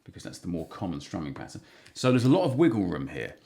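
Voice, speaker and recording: A man teaching guitar strumming patterns, relaxed and counting beats aloud as he plays. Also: sits low, fast talker, creaky, slight background noise. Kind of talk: instructional guitar lesson. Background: acoustic guitar strumming.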